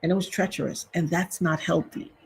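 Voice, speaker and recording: A woman's voice: fairly low pitch, steady tone, a little fast, vocal fry, slight background noise. A woman in her fifties hosting a casual livestream, telling a personal story in an emotional, repetitive way and talking straight to her viewers. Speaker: livestream host.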